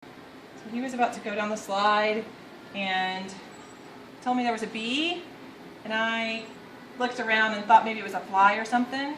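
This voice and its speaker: A woman's voice: fairly high pitch, moderate pace, long pauses, fairly bright tone. A young woman, a mother, narrating a casual family vlog in a chatty, rambling way with fillers. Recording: echoey with faint background noise.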